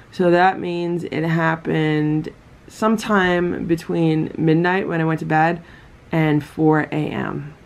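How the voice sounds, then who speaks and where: A cat vlogger narrating a casual home vlog in a calm, matter-of-fact way, filming around the house and yard. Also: medium pitch.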